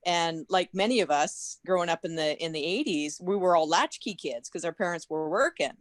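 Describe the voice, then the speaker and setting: A woman in her forties on a video call, telling an animated story in casual chat and swearing freely. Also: lowish voice, fairly quick, dry recording. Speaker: guest at a podcast meet-up.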